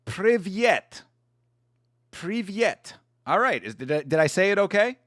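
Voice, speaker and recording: A man's voice: fairly high pitch, very animated, quick pace, a bit bright, no room sound, clean studio sound. A man hosting a fight watch-along livestream, chatting casually and rambling with restarts and the odd swear.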